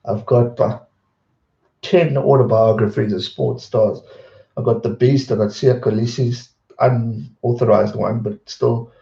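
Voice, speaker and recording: A man hosting a livestream, casually chatting and answering viewers' questions with a rambling, relaxed manner. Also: mid-range voice, a little slow, gravelly, roomy sound, lo-fi sound. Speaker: livestream host.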